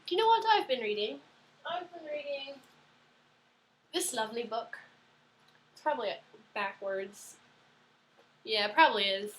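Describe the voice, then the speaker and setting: A young woman in her early twenties chatting casually into a webcam, rambling and excitable with lots of fillers. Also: fairly high pitch, measured pace, long pauses, slight background noise. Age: early 20s. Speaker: vlogger. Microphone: webcam mic.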